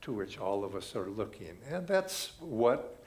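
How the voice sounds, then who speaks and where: An older man giving a sermon as a guest speaker in a church, telling stories with animated emphasis. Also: fairly low pitch, unhurried. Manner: animated storytelling, rising and falling emphasis. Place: church sanctuary.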